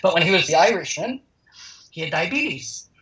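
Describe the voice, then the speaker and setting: A man who founded a healing center is interviewed, speaking at a moderate pace in a slightly high, slightly bright, very animated voice, captured as dull audio. He tells his stories emphatically, acting out the dialogue of the people in them.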